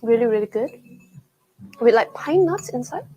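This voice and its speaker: A young woman hosting a live travel vlog, chatting excitedly while tasting food at a restaurant. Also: a little high, moderate pace, low-quality recording. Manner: chatty and excitable, with frequent gasps and laughs. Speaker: travel show host. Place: indoors at a restaurant.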